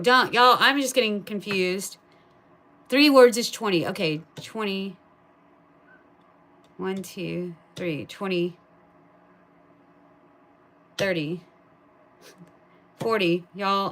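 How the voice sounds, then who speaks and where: A woman chatting casually on a live stream, thinking aloud and talking to her viewers, turning loud and excited at a win and cooing to her pet. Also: mid-range voice, slow, pauses often, a little hiss or hum. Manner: gets excited and loud at wins. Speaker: live streamer scratching lottery tickets.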